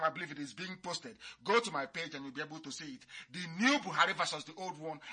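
A man's voice: sits high, bright, forceful tone, breathy edge. A man giving a fiery, mocking radio address, repeating his points. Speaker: radio broadcaster.

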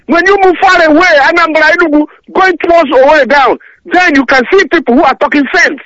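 A man's voice: very high-pitched, quick pace, pushed and bright, no room sound. Guy calling into a radio show, angry rant, keeps stammering, dry muffled sound. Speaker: caller. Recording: dull lo-fi phone-in audio.

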